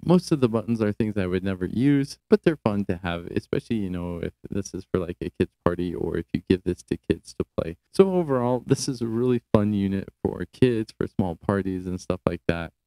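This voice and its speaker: A man giving a casual, chatty product review from a quiet small room, easily impressed, speaking into a cheap wireless handheld mic. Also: sits low, expressive, brisk, few pauses, dry recording, low-quality recording. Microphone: the reviewed unit's wireless handheld mic.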